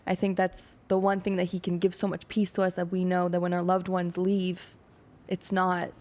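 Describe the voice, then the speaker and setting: A woman speaking softly and reflectively as a co-host in a casual conversation. Her voice is slightly low and stays very even, with little rise or fall. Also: normal speed. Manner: soft, reflective, faith-centered. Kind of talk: casual chat.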